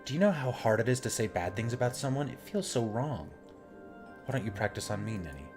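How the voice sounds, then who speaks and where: A man voicing a grave, calm scarred man with no memory, speaking low and subdued. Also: fairly quick, over music, close to an everyday voice. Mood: coaching.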